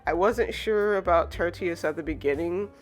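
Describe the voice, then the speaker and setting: A woman recaps and reviews a manga chapter in easy, casual talk. Her voice sits a little low for a woman, and she strings her sentences along with loose, chatty fillers. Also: normal speed, faint music behind. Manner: chatty, full of "like" and "you know" fillers.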